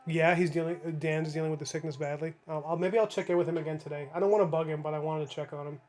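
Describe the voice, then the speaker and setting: A man's voice: fairly high pitch, fairly even intonation, fast talker, a little mellow. A man in his thirties streaming live from his home studio as he paints, thinking aloud in a rambling way and answering viewers' chat. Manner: rambling, thinking aloud, many restarts and fillers. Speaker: livestreaming comic artist. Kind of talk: casual livestream chat while painting.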